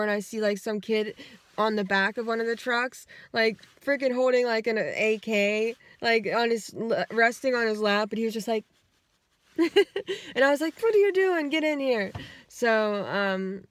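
A woman's voice: medium pitch, no echo. A woman vlogger casually retelling a dream from inside her car, rambling, swearing freely and acting out the quotes. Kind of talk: casual storytelling.

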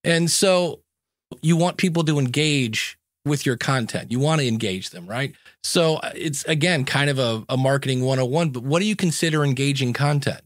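A man's voice: mid-range voice, moderate pace, no room sound, clean studio sound. A man hosting a podcast in casual interview chat, chatty and joking as he sets up his questions. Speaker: podcast host.

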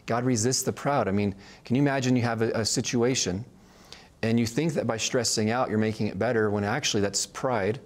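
A man teaching a casual Bible study, talking conversationally and often checking in with "right?". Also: lowish voice. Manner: conversational, frequent "right?" check-ins, restarts.

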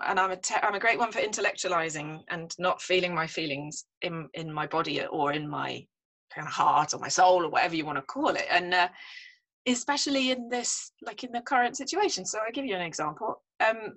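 A woman's voice: on the low side, fairly bright tone, low-quality recording. Middle-aged woman, podcast guest, frank and self-mocking. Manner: frank, self-deprecating, laughs often. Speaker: podcast guest, health psychologist. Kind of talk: casual conversational interview.

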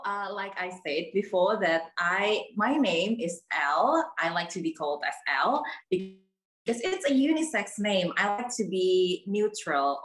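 A woman's voice: mid-range voice, fairly bright tone, echoey room. A woman telling a personal story as a workshop participant on a video call, hesitant with many fillers.

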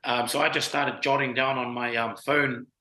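Laid-back Kiwi man, bright roomy voice. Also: mid-range voice, flat delivery, normal speed. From New Zealand. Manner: laid-back storytelling with slang and fillers. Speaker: guest, film writer and producer. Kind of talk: casual interview chat. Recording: roomy echo.

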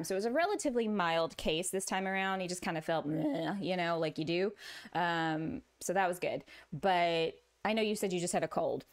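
Chatty Southern woman streamer. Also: mid-range voice. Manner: chatty, laughs often, lots of fillers. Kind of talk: casual chat.

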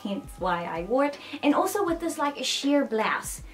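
A woman vlogger gushing excitedly over a new dress, with frequent gasps and giggles. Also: high-pitched, moderate pace. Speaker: fashion vlogger. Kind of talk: casual unboxing show-and-tell. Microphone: camera mic a short way off. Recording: slightly distant mic, faint background music.

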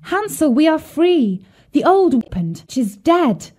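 A woman voicing a frightened little girl in a fairy tale, speaking in a high, pleading voice. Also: lively intonation, a little slow. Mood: overjoyed. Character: frightened little girl, tearful then brave.

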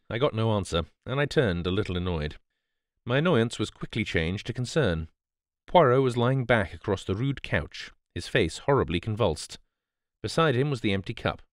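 A man narrating a bedtime audiobook in a calm, measured storytelling manner. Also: on the low side, no room sound, studio quality.

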